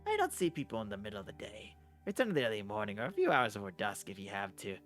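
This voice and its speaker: A man voicing a gruff old woman enchanter in a video game, with a drawling, creaky voice. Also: on the low side, huge pitch swings, fast talker, fairly bright tone, faint music behind. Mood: irritated.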